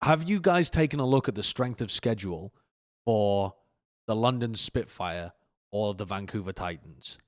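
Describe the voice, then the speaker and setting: A man hosting a casual esports podcast, calmly steering the talk with questions. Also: fairly low pitch, normal speed. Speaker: podcast host leading the segment.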